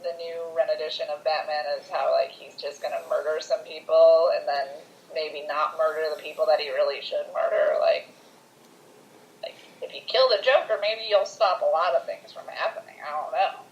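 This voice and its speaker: A woman co-hosting a casual podcast, lively and joking, acting out quotes. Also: deep voice, moderate pace, poor audio. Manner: lively, jokes and acts out quotes. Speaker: podcast co-host. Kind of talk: casual chat.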